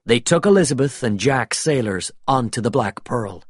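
A man reading a storybook aloud in a calm, measured way, with a husky voice. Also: medium pitch, dry recording, clean studio sound. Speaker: reader of a story. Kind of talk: scripted storybook narration.

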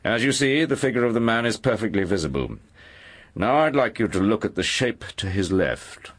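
An actor playing a calm, authoritative aristocratic explorer lecturing scholars in an audiobook. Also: male voice, fairly low pitch, normal speed. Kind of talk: audiobook dialogue.

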